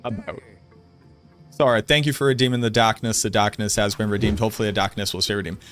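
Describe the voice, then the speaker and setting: A man's voice: lowish voice, rapid-fire, soft background music. Emphatic man with a Boston accent. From Boston area, US. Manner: emphatic, animated, jokingly indignant. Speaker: game streamer. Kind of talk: casual live-stream chat, reading chat aloud.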